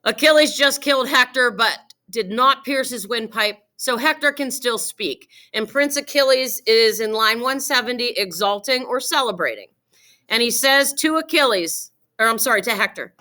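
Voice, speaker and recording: A woman's voice: on the high side, lively intonation, normal speed, pushed and bright. A woman teacher leading a classroom reading lesson, guiding her students carefully.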